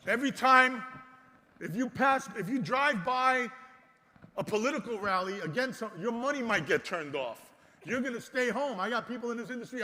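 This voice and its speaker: A man giving an impassioned conference speech, exhorting the crowd and swinging between loud and soft. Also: high voice, lively intonation, brisk. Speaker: conference speaker. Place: large conference hall. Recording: long hall reverb.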